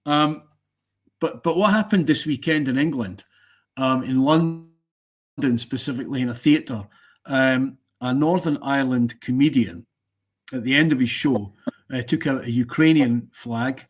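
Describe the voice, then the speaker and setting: A man's voice: mid-range voice, unhurried. A man hosting a casual live stream, giving strong opinions in a rambling way and joking with viewers.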